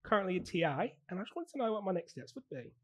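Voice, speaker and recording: A man's voice: high voice, very animated, fast, a little mellow, voice pushed up. A man playing an Australian caller. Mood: tentative. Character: young Australian male teaching assistant caller.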